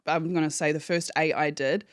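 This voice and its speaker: A woman appearing as a podcast guest gives a candid, emotional personal account, swearing freely and acting out phone calls in quotes. Her low voice has fairly even intonation and a slightly fast pace, recorded at studio quality with no room sound.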